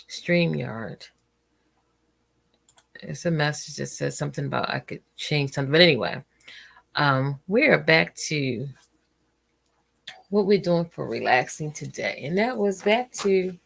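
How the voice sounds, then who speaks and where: A woman hosting a relaxed livestream at home, chatting casually with lots of fillers, tired and yawning. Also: deep voice, vocal fry, slightly rough. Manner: rambling and chatty, trails off with fillers. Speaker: host of a relaxing stream.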